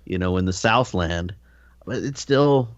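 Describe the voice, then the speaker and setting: Low, lively man, argumentative co-host. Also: unhurried, dry recording, lo-fi sound. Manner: argumentative, prone to yelling. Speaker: podcast co-host. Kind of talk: casual chat.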